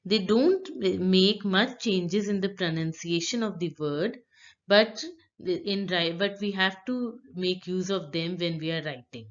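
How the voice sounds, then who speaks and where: A woman teaching pronunciation, slowly and patiently repeating words for beginners. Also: on the low side, dull audio. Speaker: French teacher. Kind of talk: slow explanatory lesson.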